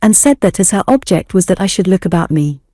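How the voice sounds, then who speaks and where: A woman narrating an audiobook story for English learners in a steady, clear reading. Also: fairly low pitch, quick pace, no echo, clean studio sound.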